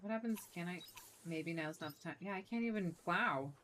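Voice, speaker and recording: A woman's voice: fairly low pitch, a little fast, a bit bright, slight background noise. A woman giving casual, joking commentary while playing a video game and talking back to its characters. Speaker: let's play streamer.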